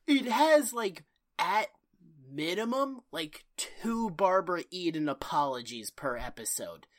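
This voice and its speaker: A woman's voice: low-pitched, lively intonation, unhurried. A woman co-hosting a casual podcast, emphatic and swearing for comic effect. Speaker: podcast co-host.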